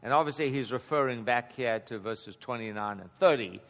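A man's voice: mid-range voice, a little fast. Laughing middle-aged man teaching scripture. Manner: chuckles often, informal and animated. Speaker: Bible teacher. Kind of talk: conversational Bible teaching. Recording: long hall reverb.

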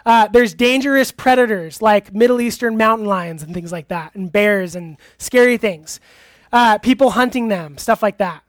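A relaxed youth pastor preaching to a live group in a church hall, often stopping to ask questions and take answers. The voice sits at a middle pitch, and the talk is loose and full of fillers. The recording is dry and close, with almost no room echo. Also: moderate pace. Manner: casual, chatty, asks the audience questions; laughs easily, uses many fillers. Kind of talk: interactive sermon.

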